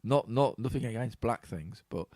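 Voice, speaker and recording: Chatty East Midlands man, lively voice. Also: mid-range voice, moderate pace, no echo. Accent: East Midlands English. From Middle England. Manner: chatty, laughs often, swears casually. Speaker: podcast host. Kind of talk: casual chat.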